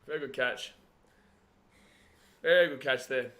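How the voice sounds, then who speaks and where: Aussie guy calling a footy match live with a mate, bright sharp voice a bit high, gets loud and excited. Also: brisk. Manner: chatty, excitable, yells at the screen. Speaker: watch-along host. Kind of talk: live match watch-along commentary.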